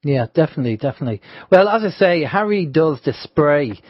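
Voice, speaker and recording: A man hosts a radio talk show at a mid pitch, speaking earnestly and repeating his points for emphasis. The sound is close and dry, with a dull, slightly lo-fi tone. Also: lively intonation, fairly quick, no echo. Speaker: radio host.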